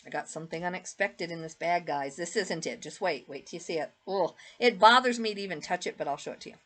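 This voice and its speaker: A woman's voice: on the low side, fast talker, a bit bright. A middle-aged woman chatting casually with many fillers as she shows her thrift finds to viewers. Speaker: eBay reseller showing a thrift haul. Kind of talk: casual haul video talk.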